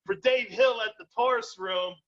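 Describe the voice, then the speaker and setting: A former football player telling animated, laughing stories in a casual group video chat. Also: male voice, sits high, normal speed, dull audio.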